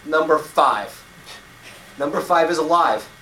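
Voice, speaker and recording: A man's voice: a little high, pushed and bright, a little hiss or hum. Man in his fifties telling a story. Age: 50s. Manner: slow, vivid storytelling with pauses. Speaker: club speaker. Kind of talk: storytelling speech. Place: meeting room. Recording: echoey room, distant mic.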